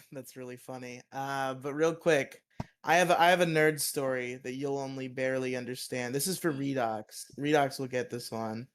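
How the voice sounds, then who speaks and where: A man co-hosting a podcast, talking in a laid-back, halting way with many fillers. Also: medium pitch, steady tone, clear, resonant tone. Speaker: podcast co-host. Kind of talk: casual podcast chat.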